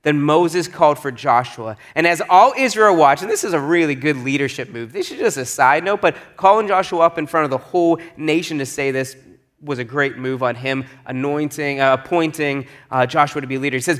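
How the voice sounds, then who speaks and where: A male pastor delivering a sermon with an easygoing, conversational flow. His voice sits fairly high for a man, and he leans on key phrases by saying them twice. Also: lively intonation, a little fast, a bit bright. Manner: casual, conversational preaching with emphatic repeats.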